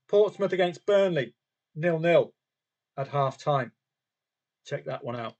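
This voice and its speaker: A man's voice: fairly high pitch, dull audio. A man hosting a live football trading stream, chatting casually to viewers and himself with frequent rhetorical questions. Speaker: football trading livestream host. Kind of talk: casual live commentary on matches and bets.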